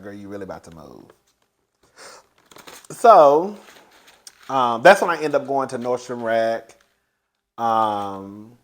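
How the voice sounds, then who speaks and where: A young man tells his viewers a casual storytime, animated and chatty, often calling the listener "girl" and breaking into high, excited bursts.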